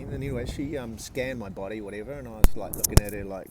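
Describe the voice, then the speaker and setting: A man's voice: fairly low pitch, fast, hardly any pauses, very noisy. A man in his forties telling a personal story in a casual, candid way, swearing freely and using many fillers. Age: 40s.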